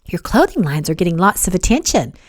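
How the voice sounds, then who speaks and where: A woman's voice: fairly low pitch, big pitch swings, fairly quick, no room sound. Woman doing a cooing, syrupy flirt. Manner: cooing, drawling.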